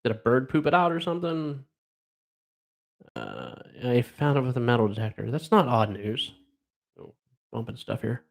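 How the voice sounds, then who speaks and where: A man's voice: medium pitch, very animated, moderate pace, creaky, long pauses. A middle-aged man from Ohio hosting a casual live stream, reading odd news stories aloud and rambling wryly with lots of fillers. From Ohio, USA.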